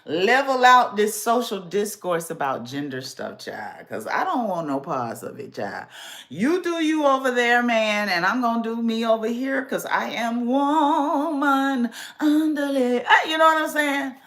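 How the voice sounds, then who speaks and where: A sassy woman hosts her podcast in a fairly high voice. She talks casually and straight to her listeners, with lots of animation. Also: sing-song, measured pace, fairly bright tone. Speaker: podcast host.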